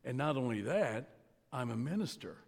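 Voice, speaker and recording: A man's voice: medium pitch, lively intonation, creaky, a little hiss or hum. Man preaching in a reverberant hall. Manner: storytelling, conversational with pauses. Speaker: pastor. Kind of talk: sermon. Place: church sanctuary. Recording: long reverb of a large hall.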